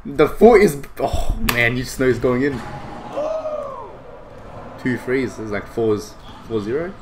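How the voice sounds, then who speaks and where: A young man giving excitable, foul-mouthed reaction commentary. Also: mid-range voice, slow pace, noisy background. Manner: excitable, swears a lot, bursts of shouting. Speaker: vlogger reacting to basketball footage.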